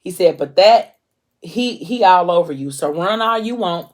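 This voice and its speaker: Low-pitched woman, chatty book-recap host who slips into the characters' lines. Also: animated, moderate pace. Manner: chatty retelling with many fillers, briefly acting out characters' lines. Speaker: book vlogger recapping a novel.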